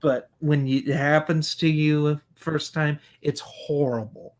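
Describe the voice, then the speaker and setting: Slow, earnest man on a podcast. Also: fairly high pitch, fairly even intonation. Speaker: podcast host. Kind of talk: casual podcast chat.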